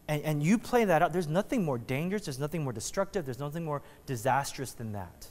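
A man's voice: fairly high pitch, lively intonation, a little fast, few pauses, a little mellow. A man preaching a sermon as pastor, in a casual, joking, conversational way that keeps restarting his sentences. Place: church sanctuary. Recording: long reverb of a church hall.

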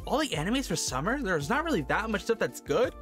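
A young man casually reviewing an anime episode, excitable and slangy, often saying dude and bro. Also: high-pitched, brisk, soft background music. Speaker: anime reaction youtuber.

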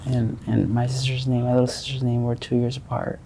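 A man in his twenties telling his story in a street interview, rambling, halting and repeating himself. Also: medium pitch, flat delivery, vocal fry, warm tone, a little hiss or hum, poor audio. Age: 20s. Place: outdoors on a city street.

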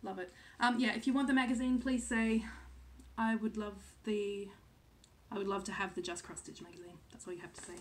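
Speaking at a moderate pace with a mid-range voice and fairly even intonation, a cross-stitch vlogger in her thirties chats casually to camera. She's Australian, says "um" a lot, and keeps doubting what she's just said.

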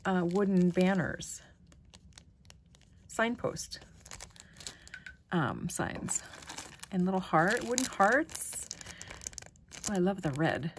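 A woman chatting casually as she unboxes a package of craft supplies, gushing with delight and often dropping to a soft whisper. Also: mid-range voice, a little hiss or hum. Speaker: crafting vlogger.

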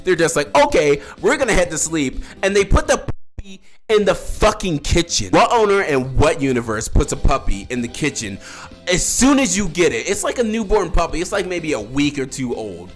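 A man hosting a casual movie review, excitable and profane, jumping between loud outbursts and low mutters. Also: normal speed, faint music behind. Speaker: movie reviewer, channel host.

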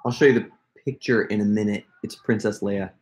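A man's voice: lowish voice, fairly even intonation, a little fast, darkish tone. Brief: male live-stream host at home, chatty and loose, rambles, laughs a lot. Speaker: prank caller hosting a livestream. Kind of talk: casual live-stream chat.

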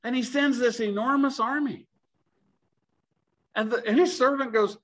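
A man with a high-pitched voice delivers a sermon in a church. His tone is plain and conversational. He slows down to lean on the phrases he wants remembered. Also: a bit bright, poor audio. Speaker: preacher.

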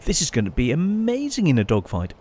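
A man giving casual, chatty gameplay commentary as a channel host, often pausing and restarting his sentences. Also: a little high, huge pitch swings, darkish tone, slight background noise. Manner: chatty, halting, many restarts and fillers.

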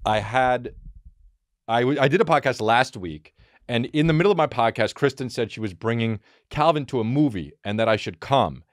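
A man hosting a podcast, telling rambling stories in a profane, animated, casual monologue. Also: medium pitch, normal speed, no room sound, clean studio sound. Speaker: podcast host.

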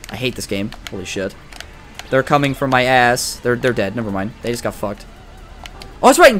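A young man narrates his gameplay in a loose, excitable way, swearing freely and mocking the game. His pitch jumps around a lot as he reacts, at a middling overall height. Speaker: gaming commentator. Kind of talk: casual let's-play commentary.

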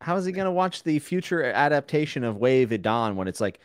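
A man hosting a casual podcast chat, joking and laughing often, his voice trailing off quietly at the ends of lines. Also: mid-range voice, sing-song, fast, clear, resonant tone, no echo, clean studio sound. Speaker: podcast host.

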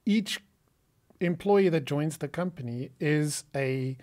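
A man's voice: on the high side, takes it slowly, a little mellow. A man hosting a podcast, asking long, rambling questions with many restarts. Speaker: podcast host. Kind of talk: casual interview talk.

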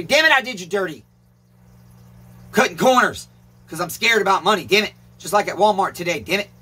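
The chainsaw repair shop owner is animated and fairly quick in this vlog, though he leaves long pauses. His high voice sounds pushed, bright and husky as he rambles casually, swears often, makes emphatic points and addresses viewers as "neighbors."

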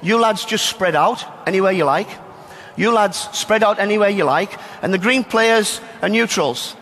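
High-voiced soccer coach. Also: male voice, moderate pace, fairly bright tone, in a large hall. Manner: directive, addresses players and coaches by turns. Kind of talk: live coaching demonstration.

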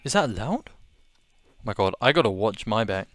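A young man with an Australian accent giving excitable let's-play commentary, gasping and repeating his exclamations. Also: fairly low pitch, moderate pace, soft background music. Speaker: gaming video host.

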